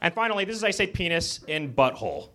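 A man doing live stand-up comedy, with a shouted mock-angry chant, on a club stage. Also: a little high, big pitch swings, fast talker, heavy background noise.

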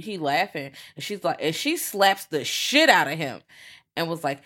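A woman's voice: lowish voice, sing-song, moderate pace, fairly bright tone. A woman in her thirties co-hosting a podcast, chatting casually and profanely about a movie and acting out scenes in voices. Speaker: podcast co-host. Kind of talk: casual movie review chat.

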